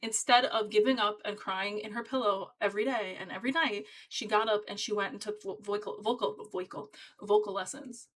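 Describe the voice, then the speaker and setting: A woman's voice: medium pitch, steady tone, a little fast, hardly any pauses, a bit bright, low-quality recording. A woman giving a casual tarot reading to her viewers, talking in a chatty, emphatic and encouraging way. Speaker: tarot reader.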